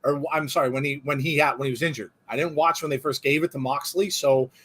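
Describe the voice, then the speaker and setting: Talking fast with a breathy edge to his slightly high voice, a man runs a live wrestling watch-along as host. He's lively and casual, wanders from topic to topic, and laughs frequently.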